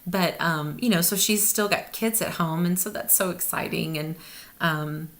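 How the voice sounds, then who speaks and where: Chatty middle-aged woman, low-ish voice. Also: moderate pace, fairly bright tone. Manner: chatty, rambling, upbeat with many fillers. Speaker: vlogger. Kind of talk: casual video diary.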